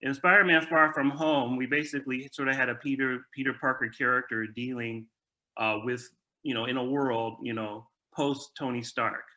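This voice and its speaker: A man's voice: mid-range voice, fairly even intonation, moderate pace, sharp tone. A man co-hosting a review show, chatting casually and agreeably, often repeating words as he restarts. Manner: stammering restarts, agreeable and enthusiastic. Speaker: movie review show co-host.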